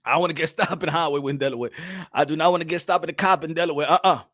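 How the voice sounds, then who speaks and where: A man hosting a boxing live stream, greeting viewers and ranting loudly with lots of profanity and occasional Spanish phrases. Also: fairly high pitch, racing. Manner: loud, hyped, profane, frequent shouting. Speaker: boxing channel host. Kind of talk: live-stream commentary and viewer shout-outs.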